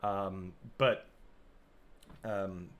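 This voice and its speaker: A man's voice: low voice, fairly even intonation, extremely slow, a crowd in the background. Enthusiastic man rambling about a game. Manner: enthusiastic, rambling, lots of fillers. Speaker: podcast co-host. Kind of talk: casual game discussion.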